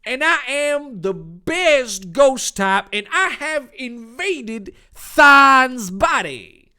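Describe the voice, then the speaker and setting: A man voicing a sinister male ghost monster that has possessed a boy, speaking in a loud, gloating, theatrical voice. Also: very high-pitched, very animated, drawn-out words, smooth, voice pushed up, exaggerated voice.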